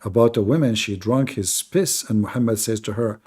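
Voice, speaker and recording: A man's voice: lowish voice, moderate pace, hardly any pauses, darkish tone, slightly rough. A man hosting a live online debate and talking in a sarcastic, mocking way, often laughing at his own points. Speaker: live debate show host.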